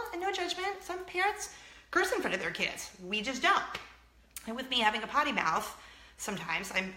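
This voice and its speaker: Her voice is medium-pitched, bright and forceful, echoing around the room. She's a vlog host in her thirties talking casually to camera, chatty and self-deprecating, frequently laughing and reenacting people's words.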